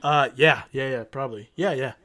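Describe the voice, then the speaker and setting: A man's voice: medium pitch, normal speed, sharp tone. A man co-hosting a podcast who reads out a story in casual chat, joking and swearing and laughing often.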